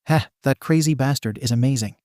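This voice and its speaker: A man's voice: mid-range voice, fairly quick, dry recording, clean studio sound, natural voice. A man doing a rowdy cheering teen boy. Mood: excited. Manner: loud, cheering.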